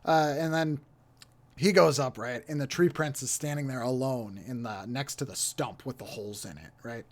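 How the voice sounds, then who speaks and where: A man's voice: mid-range voice, normal speed. A man co-hosting a podcast, retelling movie scenes in a loose, joking way with quoted voices. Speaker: podcast co-host. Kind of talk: casual movie recap chat.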